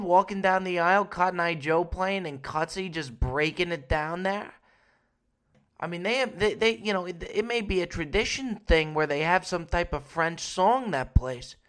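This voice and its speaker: A man's voice: fairly high pitch, a bit bright. A man hosting a comedy podcast, telling crude, rambling, joking stories in a casual rant. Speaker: podcast host.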